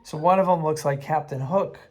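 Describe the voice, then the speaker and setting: A man casually recounting a tabletop game he ran for kids, animated and laughing, acting out the voices he quotes. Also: fairly high pitch, brisk, soft background music. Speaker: game master teaching kids. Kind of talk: casual anecdote storytelling.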